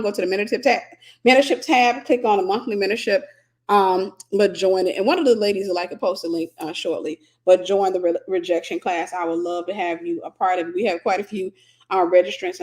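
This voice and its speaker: Woman mentor, casual live storytelling, mid-pitched, chatty with asides. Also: darkish tone. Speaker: Christian mentor and online teacher.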